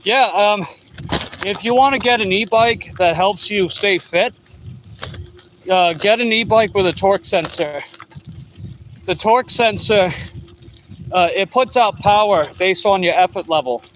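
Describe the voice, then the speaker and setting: A man's voice: high voice, measured pace, pauses often, a bit bright, slight background noise. A middle-aged man with a Long Island New York accent, chatting casually and reading viewer comments while riding an e-bike on the road. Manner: chatty, reads viewer comments aloud, rambling restarts. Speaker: delivery rider vlogger.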